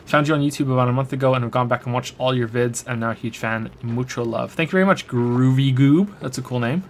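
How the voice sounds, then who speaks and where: A man's voice: mid-range voice, little pitch movement, quick pace, a little hiss or hum. A man casually answering chat questions on a live stream while playing a game, rambling with frequent restarts and fillers.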